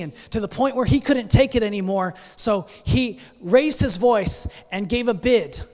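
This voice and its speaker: A man preaching a sermon, earnest and deliberate, building intensity through a long story. His voice sits a little high for a man. A long reverb rings around him in the sanctuary. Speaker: pastor. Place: church sanctuary. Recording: long church hall reverb.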